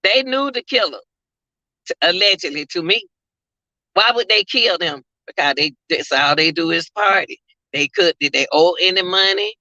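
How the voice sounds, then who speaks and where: A woman's voice: on the low side, lively intonation, normal speed, pushed and bright, no echo. A woman vlogger, chatting casually to her viewers about a case. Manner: chatty, addresses viewers as y'all. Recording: dull lo-fi sound.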